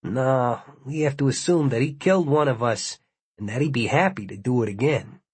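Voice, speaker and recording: A man's voice: medium pitch, moderate pace, darkish tone, breathy edge, no room sound. A man voicing a blunt, pragmatic adult man who speaks firmly.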